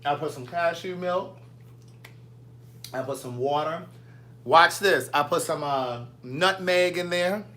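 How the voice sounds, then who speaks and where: Man, bright tense tone, slightly high voice, playful, casual kitchen chat. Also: takes it slowly, long pauses. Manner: chatty, playful, answers viewer comments. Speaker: vlogger. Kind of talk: casual live chat with viewers. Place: home kitchen.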